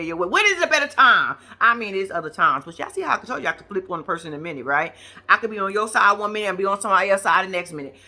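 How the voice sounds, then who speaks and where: A woman's voice: medium pitch, sharp tone. A woman giving casual reaction commentary on a reality show, blunt and profane, talking straight at the people on screen.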